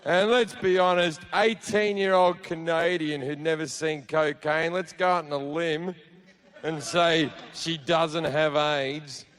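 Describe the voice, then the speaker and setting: A man's voice: fairly high pitch, fairly even intonation, takes it slowly, a bit bright. A man telling a stand-up comedy story to a laughing audience in a brash, profane, self-mocking way.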